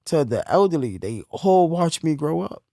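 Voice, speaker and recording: A young man from New talks in a casual chat. He tells his stories in a lively, up-and-down voice, dropping low and quiet, then rising loud. The sound is close and dry. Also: normal speed, dry recording. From New York. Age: young adult. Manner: animated storytelling, swings from low and quiet to loud. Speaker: podcast guest telling his story. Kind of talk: casual conversation.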